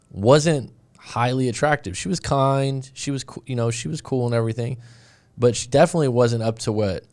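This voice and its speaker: In this clip a man with a mid-range, darkish voice hosts a casual live stream as a dating coach. He rambles while reading viewer comments, restarting often and drifting into asides.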